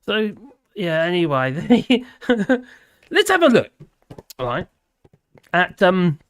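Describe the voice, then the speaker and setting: A man's voice: high voice, huge pitch swings, slow pace, a bit bright, no room sound. An English man casually chatting on his live stream, rambling and laughing as he answers viewers' comments. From England. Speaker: livestream host. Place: home in rural France.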